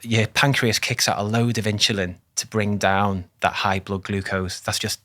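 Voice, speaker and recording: A man with a fairly low voice co-hosts a podcast as a cardiologist. He explains health topics in a loose, matter-of-fact way. He swears freely and laughs along the way. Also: fairly even intonation, normal speed, sharp tone. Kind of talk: casual podcast chat.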